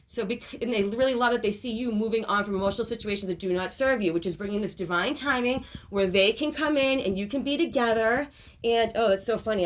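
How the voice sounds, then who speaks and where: A woman giving a casual tarot reading to her viewers, talking in an excitable, rambling way full of asides and apologies. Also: medium pitch. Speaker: tarot reader. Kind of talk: casual spiritual reading to camera.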